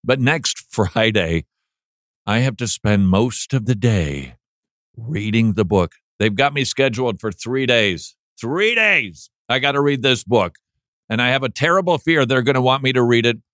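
Man, podcast host, casual chat, playful, mid pitch, dry close sound. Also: measured pace, no room sound. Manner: playful, mocks flat reading with droning voice.

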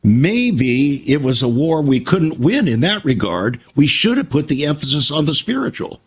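Older man, husky and lively storyteller. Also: on the high side, moderate pace. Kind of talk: reflective conversational talk.

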